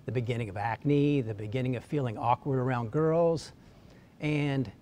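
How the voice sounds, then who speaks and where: A man delivering a scripted weekly news commentary with wry, deadpan humor. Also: mid-range voice, moderate pace. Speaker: columnist giving weekly commentary.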